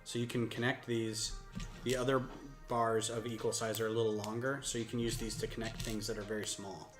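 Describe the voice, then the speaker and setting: A man's voice: fairly low pitch, flat delivery, fairly quick. A man hosting a casual build-along chat, joking and breaking into impressions. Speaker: host. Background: background music.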